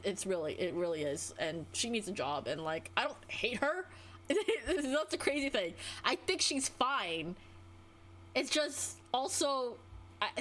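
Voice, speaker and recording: A woman's voice: fairly bright tone, slight background noise. A young adult woman streamer ranting casually, exasperated, her voice swinging up and down as she vents. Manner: exasperated, venting, with wide pitch swings.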